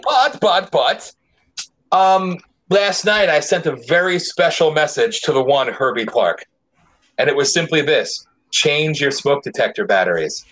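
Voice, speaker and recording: A man's voice: a little high, lively intonation, unhurried, fairly bright tone. A man hosting a casual podcast chat in a joking, loose way, swearing freely. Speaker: podcast host.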